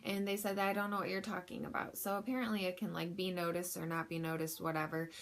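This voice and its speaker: A woman's voice: lowish voice, little pitch movement, fast talker. A young woman telling a personal story in a frank, chatty way, with lots of fillers. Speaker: vlogger.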